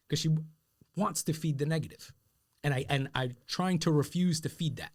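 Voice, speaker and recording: A man co-hosting a casual podcast, telling a home story in a relaxed, candid way. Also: fairly high pitch, moderate pace. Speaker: podcast co-host. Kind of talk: casual conversation.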